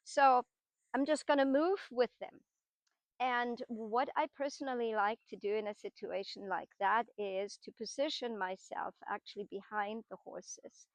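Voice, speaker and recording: Casting note: middle-aged woman, horse trainer, patient teaching tone, slightly high voice, dry close sound. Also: fairly even intonation, measured pace, no echo. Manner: patient, explanatory, with frequent tag questions. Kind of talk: explanatory teaching talk while working horses.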